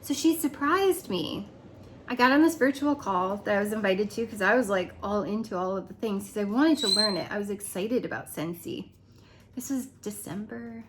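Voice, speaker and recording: A woman's voice: medium pitch, moderate pace, noisy background. A woman chatting casually to her viewers in a rambling way, laughing often and going off on asides. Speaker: direct sales consultant. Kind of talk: casual vlog chat.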